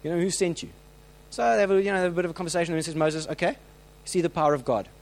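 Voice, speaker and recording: A man preaching a sermon, telling stories with lively acted-out voices and frequent restarts. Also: on the high side, racing, poor audio. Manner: animated storytelling, acts out quoted voices; many restarts and filler words.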